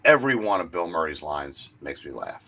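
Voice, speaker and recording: A man joining a casual movie chat, halting and searching for his words. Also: rumbling low, sing-song, vocal fry, sharp tone.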